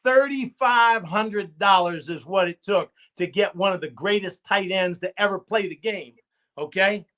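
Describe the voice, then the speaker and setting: A man's voice: high voice, measured pace, fairly bright tone. A man, a football coach, telling stories in an interview with emphatic, repetitive phrasing and rallying asides. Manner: emphatic and repetitive, rallying with "okay?" and "I'm gonna tell you what". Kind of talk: animated storytelling in a live stream interview.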